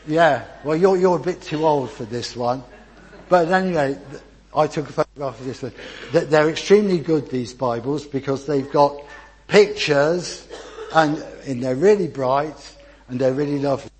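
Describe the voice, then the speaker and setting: An older grandfather leads a church children's talk in a chatty, encouraging way, often restarting his sentences. His voice is slightly husky and sits a little high for a man. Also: low-quality recording. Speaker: preacher leading a children's talk. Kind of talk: informal church talk with audience participation.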